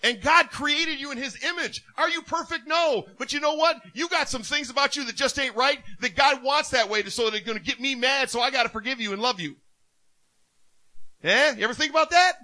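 A man preaching a sermon as a minister, telling stories in an animated way and laughing often. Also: very high-pitched, brisk.

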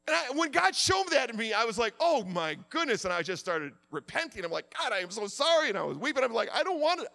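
With an extremely high, gravelly voice, a middle-aged male pastor preaches a sermon that swings from quiet confession to impassioned shouting.

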